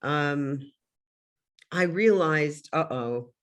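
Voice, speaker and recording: A woman guest in an interview, answering in a reflective, hesitant way with frequent pauses. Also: low-pitched.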